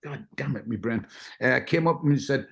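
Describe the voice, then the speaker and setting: A man's voice: mid-range voice, moderate pace, a bit bright. A man, a guest on a talk show, telling rambling anecdotes in a casual way and acting out the people in them. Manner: rambling, acts out quotes, laughs.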